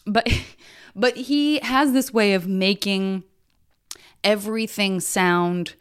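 Chatty woman hosting, smooth voice. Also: mid-range voice, slow pace. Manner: chatty, playful, lots of fillers. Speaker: podcast host. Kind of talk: casual interview chat.

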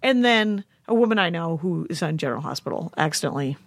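A woman's voice: fairly low pitch, animated, fast, no room sound, studio quality. A woman hosting a podcast, talking in a chatty, joking way and laughing often. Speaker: podcast host. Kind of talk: casual chat.

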